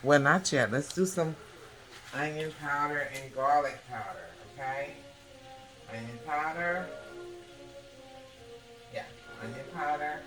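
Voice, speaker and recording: A woman's voice: low voice, slow pace, pauses often, fairly bright tone. Chatty woman cooking in an echoey kitchen. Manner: chatty, keeps checking in with the viewer by asking "okay?". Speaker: home cook hosting a cooking video. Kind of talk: casual cooking demonstration. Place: home kitchen. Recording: echoey kitchen with background music.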